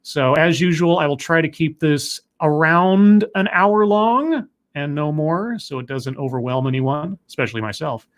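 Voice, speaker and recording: A man hosting a live stream, chatting casually, joking at his own expense and pausing on lots of fillers. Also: fairly high pitch. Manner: chatty, self-deprecating, filler-heavy. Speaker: livestream host.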